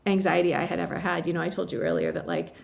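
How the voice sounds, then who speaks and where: A woman from western Massachusetts, a novelist guest telling a story in a chatty interview, full of fillers and quick laughs, a little teary. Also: on the low side, steady tone, gravelly. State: emotional, teary.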